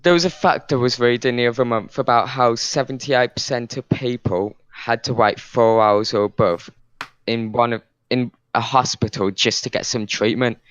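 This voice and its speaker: Brief: young British male podcast co-host, mid pitch, dead-dry close mic, rambling and argumentative. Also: fairly even intonation, normal speed, fairly bright tone, clear, resonant tone, no room sound, dull audio. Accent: British English. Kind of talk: casual debate chat.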